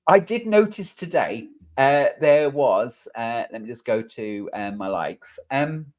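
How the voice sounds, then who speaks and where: A man's voice: mid-range voice, lively intonation, takes it slowly, darkish tone. A man hosting a casual talk show, speaking hesitantly with many filler sounds. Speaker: host. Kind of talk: casual commentary.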